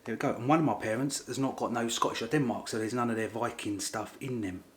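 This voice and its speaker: A man's voice: medium pitch, fairly even intonation, fast. A man vlogging in casual chat, rambling and correcting himself as he talks.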